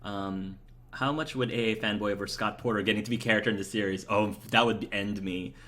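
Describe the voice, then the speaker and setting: A man with a somewhat low voice talks his way through a video game. He is chatty and eager, answering his viewers and rambling with fillers as he goes. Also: fairly even intonation, a little fast, a bit bright. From United States. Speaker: let's play host. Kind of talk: casual gameplay commentary, reading chat aloud.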